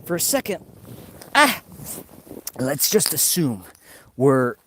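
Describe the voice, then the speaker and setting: A New Yorker strolls through the snow hosting a casual live vlog, rambling chattily to viewers and a bit out of breath. His medium-pitched voice has lively intonation, a measured pace, and a slightly mellow tone, with slight background noise.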